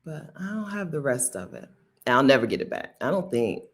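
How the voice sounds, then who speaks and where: A woman in her fifties from Delaware, hosting and giving casual commentary, emphatic and quick to laugh. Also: very deep voice. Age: 50s. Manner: animated, emphatic, laughs often. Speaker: host.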